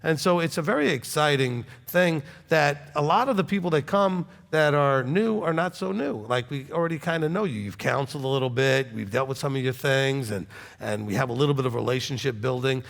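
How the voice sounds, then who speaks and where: A man's voice: mid-range voice, expressive, brisk, creaky. A man, a rabbi, chatting animatedly while answering congregation questions, with many okays. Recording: long hall reverb.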